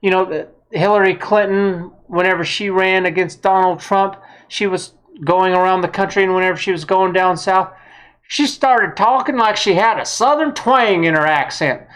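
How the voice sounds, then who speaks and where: A woman's voice: medium pitch, normal speed. Blunt, heated woman. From United States. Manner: blunt, heated, mild swearing. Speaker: vlogger. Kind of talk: political opinion monologue.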